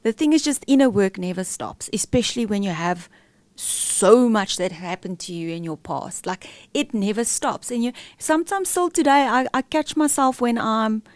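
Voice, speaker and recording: A woman's voice: on the high side, animated, moderate pace, dry recording. A middle-aged woman, a podcast guest, telling a candid, emotional personal story with many fillers and restarts.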